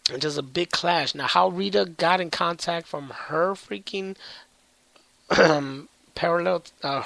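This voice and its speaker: A man recapping comics in a casual vlog, excited and rambling with heavy swearing. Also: a little high, gravelly, no echo, poor audio. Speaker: comic book reviewer.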